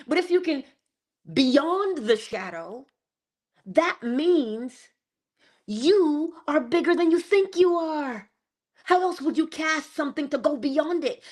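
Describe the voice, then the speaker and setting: A woman giving a passionate spiritual motivational talk, slowing down and stretching key words for emphasis. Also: fairly high pitch. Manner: passionate, preachy, rising and falling emphasis. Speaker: inspirational speaker.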